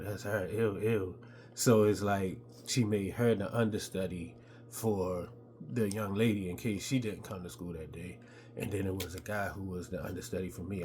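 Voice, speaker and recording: Laid-back deep-voiced man telling stories. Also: darkish tone, a little hiss or hum. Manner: laid-back, conversational, slips into high voices when quoting people. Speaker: podcast host telling stories. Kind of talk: casual storytelling.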